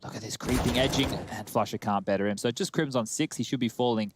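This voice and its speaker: Brisk male esports play-by-play caster. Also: mid-range voice, background noise. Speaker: esports commentator. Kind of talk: live esports play-by-play commentary.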